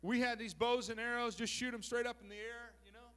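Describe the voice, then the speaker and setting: A man's voice: very high-pitched, steady tone, brisk, bright, forceful tone. A pastor from southern Minnesota preaching a folksy, joking sermon that he peppers with "praise God" and "amen.".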